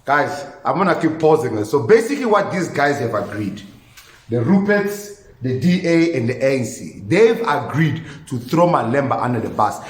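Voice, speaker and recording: A man hosting a podcast, giving animated, incredulous political commentary and talking straight to his listeners. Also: mid-range voice, moderate pace, roomy sound. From South Africa. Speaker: podcast host.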